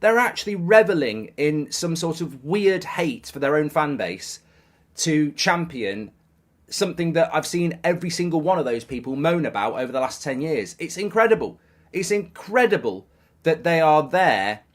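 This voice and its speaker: A man holds forth in an exasperated, sarcastic rant. His voice sits a little higher than most men's, and he stumbles over repeated words when he gets worked up. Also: animated, normal speed. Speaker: football fan commentator. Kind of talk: ranting opinion monologue.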